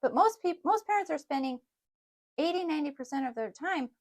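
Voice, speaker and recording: Earnest middle-aged woman, slightly high voice. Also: animated, a little fast. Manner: earnest, explanatory, laughs lightly. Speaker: podcast co-host. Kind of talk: casual parenting podcast chat.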